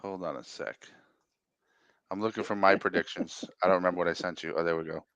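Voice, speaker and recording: A man's voice: low-pitched, steady tone, fast talker, fairly bright tone, no echo. A man co-hosting a casual sports podcast, arguing his point and repeating it insistently. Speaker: podcast co-host.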